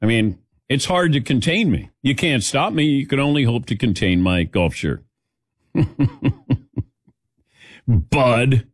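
Rambling, animated male talk host. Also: mid-range voice, normal speed, slightly rough, no echo, studio quality. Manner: rambling, animated storytelling with mimicked quotes. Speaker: sports talk show host. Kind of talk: casual sports talk chat.

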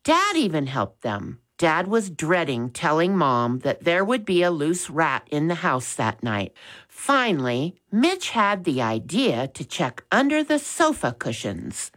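A woman reads a children's storybook aloud in a gentle, expressive way. Her pitch rises and falls a great deal, and she takes her time. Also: unhurried. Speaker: narrator. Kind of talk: storybook reading.

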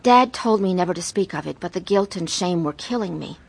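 An earnest, confessing wife. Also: female voice, fairly low pitch, lively intonation, brisk, vocal fry, darkish tone, husky, full character voice. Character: troubled middle-aged wife telling her story, woman. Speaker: narrator and main character. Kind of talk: dramatized testimony narration.

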